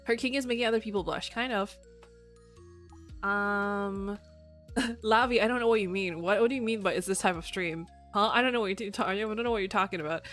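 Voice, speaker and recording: Playful teasing young woman streamer. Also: a bit bright. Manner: teasing, playful, giggly, switches to a higher cutesy voice for greetings. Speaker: vtuber streamer. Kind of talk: casual chat with viewers.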